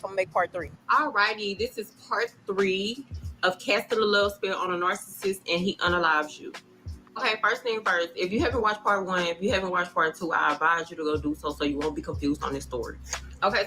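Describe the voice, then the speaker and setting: A woman's voice: lowish voice, pushed and bright, slight background noise, poor audio. Chatty woman telling a story on break. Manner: chatty, keeps addressing the audience, repeats herself. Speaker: storytime vlogger. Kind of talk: casual storytelling to viewers. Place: at work, on a break.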